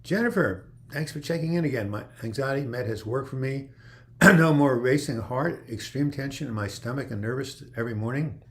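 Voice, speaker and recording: Expressive and fairly bright in tone, this medium-pitched man goes through viewer comments on his casual stream at a normal pace. His replies ramble, with frequent restarts and lots of "you know."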